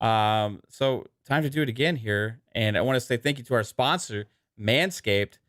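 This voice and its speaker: A man hosting a casual podcast, talking in a relaxed, rambling way with many fillers. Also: mid-range voice, normal speed, no room sound, studio quality. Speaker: podcast host.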